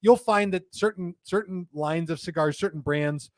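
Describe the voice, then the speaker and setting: A jokey male host rambles through a casual livestream chat with easy humor. His voice sits a little high and sounds close and dry. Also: normal speed, a little mellow, no echo.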